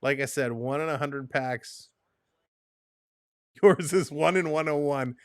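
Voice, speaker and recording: Casual male streamer, exasperated and grumbling, smooth voice, close dry mic. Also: a little high, slow pace, no echo. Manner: frustrated, exasperated, talks to himself and chat. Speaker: live stream host. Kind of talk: casual live-stream chat.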